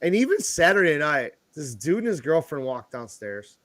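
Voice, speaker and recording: A man's voice: fairly high pitch, sing-song, normal speed, a bit bright, dry recording. A man in his fifties telling rambling, profane stories as a podcast co-host. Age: 50s. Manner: rambling storyteller, swears freely. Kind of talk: casual chat.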